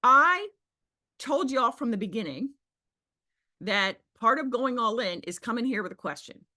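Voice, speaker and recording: A bright, lively woman coaching a group over a video call. Her pitch sits a bit high and swings widely as she talks with emphasis. Now and then she jumps into a squealing impression of someone else. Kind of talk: animated coaching talk.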